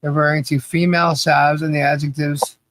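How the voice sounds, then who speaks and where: A man's voice: a little high, little pitch movement, brisk, a bit bright. A man co-hosting a casual livestream podcast, laughing often and reading the chat aloud with playful chanting. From not from Australia. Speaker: podcast co-host.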